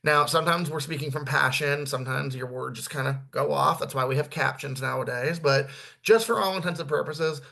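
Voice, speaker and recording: Blunt gravelly man teaching therapists. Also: on the high side, brisk, sharp tone. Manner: blunt, swears, says "right?" often. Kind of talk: casual training talk.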